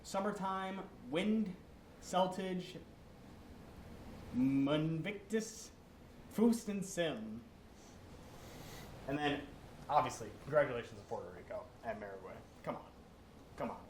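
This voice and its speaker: A man's voice: a little high, animated, slow, pauses often. A young man co-hosting a casual esports recap, joking as he rattles off player names. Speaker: co-host. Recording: echoey room, faint noise.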